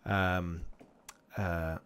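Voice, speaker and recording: A man with a lowish voice runs a tabletop game as game master. He narrates loosely and rambles, with plenty of fillers and chuckles along the way. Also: little pitch movement, drawn-out words, a bit bright, smooth.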